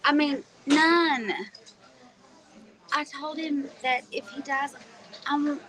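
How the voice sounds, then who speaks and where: A woman's voice: sits high, steady tone, takes it slowly, low-quality recording. A woman chatting casually with her husband on a livestream, teasing and using many ums. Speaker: co-host, the vlogger's wife. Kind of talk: casual chat. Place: restaurant.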